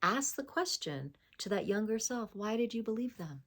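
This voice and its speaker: A woman speaking as a spiritual voice coach, gentle and affirming, sometimes dropping into a soft whisper. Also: a little high, sing-song, moderate pace. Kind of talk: spiritual self-help talk.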